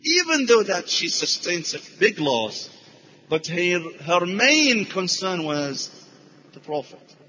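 A man's voice: fairly high pitch, bright, forceful tone, in a large hall, lo-fi sound, a little hiss or hum. A man giving a religious lecture and taking questions, telling stories earnestly and using Arabic phrases.

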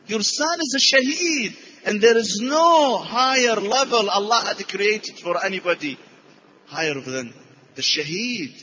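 A man's voice: sits high, animated, measured pace, bright, forceful tone, dull audio, a little hiss or hum, voice pushed up, full character voice. A man voicing a revered male prophet who consoles a mother in a raised, earnest voice. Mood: consoling.

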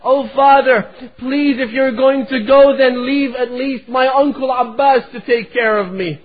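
A man's voice: very high voice, steady tone, measured pace, pitched above the performer's own voice. A man voicing a sick little girl who tearfully pleads with her father not to leave her. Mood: pleading. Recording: tinny phone-like recording.

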